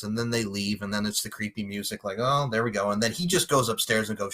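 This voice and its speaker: A man's voice: lowish voice, quick pace, hardly any pauses. A man co-hosting a podcast, recapping a movie in casual chat, swearing freely and acting out the characters' lines. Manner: animated, profane, acts out characters' lines. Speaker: podcast co-host.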